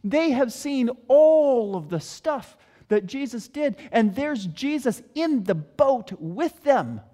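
A man preaching a sermon, telling the story with expressive delivery. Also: very high voice, slow pace.

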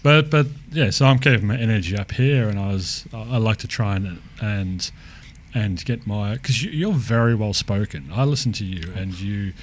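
Australian male co-host, low-ish voice, rambling, stop-start banter, slight background hiss. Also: normal speed. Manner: rambling banter with many restarts. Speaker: podcast co-host. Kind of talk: casual chat.

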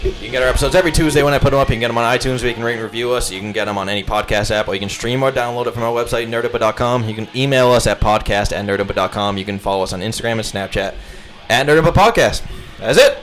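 A man's voice: mid-range voice, racing, fairly bright tone. A young man hosting a podcast, telling a rambling, profane anecdote full of "like" in casual chat. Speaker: podcast host.

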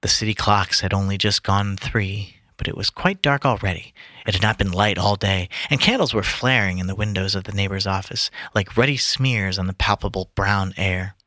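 A man's voice: low-pitched, moderate pace, pushed and bright, dry recording, studio quality. A tired man reading a classic story aloud to friends late at night, often stumbling and restarting lines. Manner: stumbling, restarting, swearing when lost. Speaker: reader among friends.

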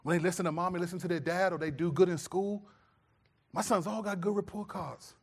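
Pastor, middle-aged man, lively sermon delivery, a little high-pitched. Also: fairly quick, slightly rough. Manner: animated storytelling, acts out his own scolding voice.

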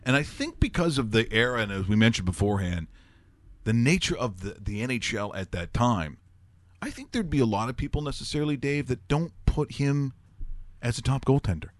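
A man's voice: medium pitch, brisk, no room sound. A man hosting a sports talk show, telling rambling jokey stories in casual banter. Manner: rambling, joking, animated storytelling.

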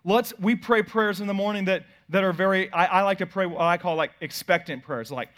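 A pastor in his thirties telling a family story in a sermon, swinging from loud bursts to quiet asides. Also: high voice, a little fast.

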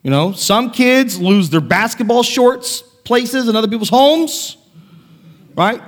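A male pastor delivers an earnest sermon, his fairly high voice rising and falling in wide swings between soft reflection and raised passion. The sanctuary lends a long, lingering reverb. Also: very animated, a little slow. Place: church sanctuary.

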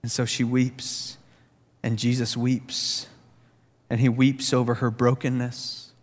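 A man preaching a sermon as pastor, earnest and full of rhetorical questions, growing animated as he tells stories. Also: mid-range voice, slow pace. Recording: long hall reverb.

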